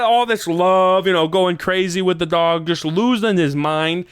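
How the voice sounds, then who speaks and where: Rambling man telling a story, smooth voice. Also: normal speed, fairly bright tone, no room sound, studio quality. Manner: rambling, profane, jumps into high voices quoting people. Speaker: podcast host. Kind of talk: casual storytelling chat.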